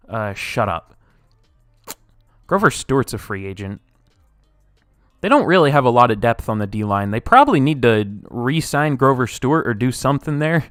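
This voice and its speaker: A young man streaming live, reading chat aloud and reacting, swinging from low mumbles to loud outbursts, his voice wearing out. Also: dry recording, studio quality.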